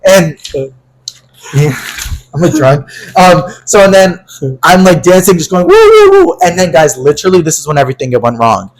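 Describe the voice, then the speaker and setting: A man's voice: fairly high pitch, normal speed, pauses often, rough recording. A young man co-hosting a podcast, telling a story in a casual, dramatic way with acted-out quotes and plenty of swearing. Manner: animated, dramatic quoted voices, swears freely. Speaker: podcast co-host.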